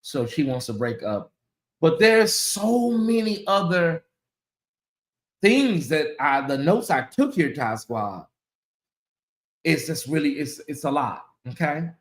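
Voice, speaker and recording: A woman hosting a commentary channel, talking casually to her viewers, animated and repeating herself as she exclaims. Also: low-pitched, slow pace, long pauses, reverberant.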